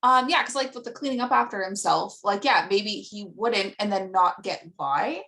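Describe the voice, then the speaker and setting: A woman's voice: mid-range voice, normal speed, fairly bright tone. A woman guest on a podcast in casual chat, giggling often and filling her talk with "like". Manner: chatty, giggly, lots of "like" fillers.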